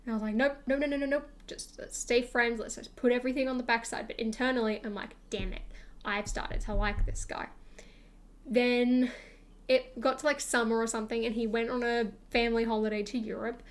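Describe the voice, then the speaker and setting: A woman's voice: fairly high pitch, little pitch movement, brisk. A young woman streamer rambling through a casual storytime chat, full of fillers and acted-out quotes of herself.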